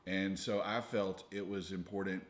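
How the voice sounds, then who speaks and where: A young man co-hosting a ministry video with his wife, giving steady, earnest advice in a casual, preacher-like way. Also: low-pitched, normal speed. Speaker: ministry leader, co-host with wife.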